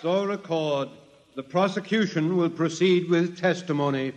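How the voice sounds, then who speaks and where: A man's voice: a little high, moderate pace, over music, lightly acted. An actor playing a stern male judge delivering formal pronouncements in a 1950s radio drama. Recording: dull, reverberant old radio recording.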